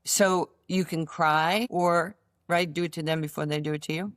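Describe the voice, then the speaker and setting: New york lady in her 60s spinning stories, lively, does the voices, dry close sound. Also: low voice, moderate pace, no echo. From United States. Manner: animated storyteller, acts out voices in her anecdotes. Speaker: interview guest, former basketball player. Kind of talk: casual storytelling interview.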